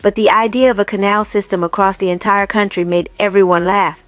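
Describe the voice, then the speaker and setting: A woman narrating a novel aloud in a steady, even reading voice. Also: medium pitch, brisk, dry recording, faint music behind. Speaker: reader. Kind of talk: audiobook narration.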